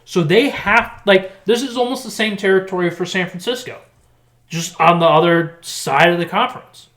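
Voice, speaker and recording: Bright-voiced man talking football picks. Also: sits high, moderate pace. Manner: excited, emphatic picks talk. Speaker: podcast co-host. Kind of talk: casual sports chat.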